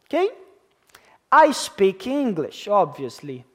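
Slow, emphatic preacher in his thirties. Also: high-pitched, huge pitch swings, a bit bright. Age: 30s. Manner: emphatic, repeats key words, checks in with the congregation; speaks English as a second language with a foreign accent. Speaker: pastor. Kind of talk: sermon.

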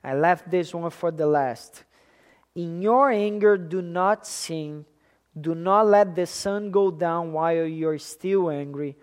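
A preacher delivering a sermon, deliberate and emphatic, repeating key phrases and swinging between loud stresses and quiet asides. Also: medium pitch.

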